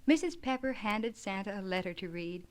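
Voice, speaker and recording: A woman reading an abridged children's classic aloud, gently expressive, giving the children's lines a light lift. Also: medium pitch, moderate pace. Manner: gentle, expressive narration with lively dialogue. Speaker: audiobook reader. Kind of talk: storybook reading with light character voices.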